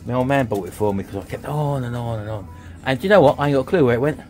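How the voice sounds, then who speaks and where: A man's voice: mid-range voice, lively intonation, rapid-fire, a little mellow. A teasing man in his fifties from England chats while browsing a shop. His talk is joking and easy, with a faint hum of noise behind him. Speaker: vlogger. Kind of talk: casual chat while shopping.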